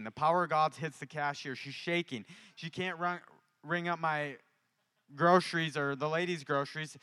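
A man preaching to a congregation with a bright, forceful voice that rings crisp and smooth. He tells his testimony in a loose, conversational way, then presses the listeners with fervent calls to act. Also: fairly high pitch, normal speed. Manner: conversational storytelling building to fervent exhortation. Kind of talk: sermon with personal testimony.

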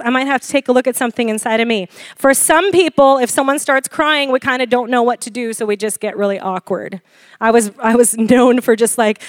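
A woman in her forties preaching a sermon, animated and laughing often as she questions the congregation. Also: a little high, fairly quick, dry recording, clean studio sound. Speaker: pastor.

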